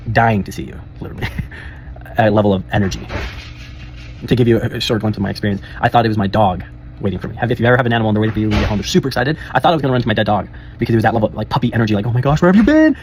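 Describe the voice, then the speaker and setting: A man's voice: fairly low pitch, darkish tone, a little hiss or hum. A young man speaking casually and earnestly in a rambling personal monologue, often laughing and restarting his sentences. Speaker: life coach.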